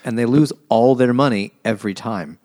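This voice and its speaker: A man's voice: medium pitch, moderate pace, darkish tone. Wisecracking man in casual chat. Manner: wisecracking, throws in absurd jokes and laughs.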